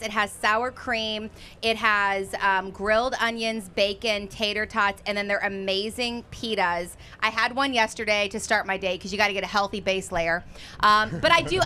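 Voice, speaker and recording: A woman's voice: mid-range voice, sharp tone, slight background noise. A woman co-hosting a talk show at a fair, chatting in an upbeat way. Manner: upbeat, quick to laugh. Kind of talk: casual chat. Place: outdoors at a state fair.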